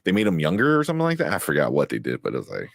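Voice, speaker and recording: A man's voice: rumbling low, wildly swooping pitch, racing, vocal fry, dry recording, studio quality. A young man from Chicago with a Chicago accent, hosting a casual live-stream chat, chatty and laughing often. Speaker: show host.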